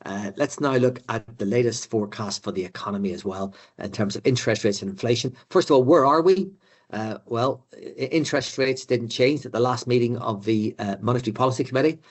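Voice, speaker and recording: Older male lecturer with a husky voice and a chatty, halting delivery, for a business course. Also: medium pitch. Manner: conversational, many fillers and repeated words. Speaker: economic adviser lecturing finance directors. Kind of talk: live presentation to an audience.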